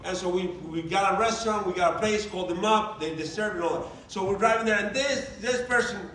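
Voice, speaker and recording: A man, a coach and motivational speaker, tells personal stories to a live audience in an animated, emotional way. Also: high-pitched, a little hiss or hum. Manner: animated, emotional storytelling with shifting volume and quick asides. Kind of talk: storytelling talk to a live audience. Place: large event room. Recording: echoey hall, distant mic, audience nearby.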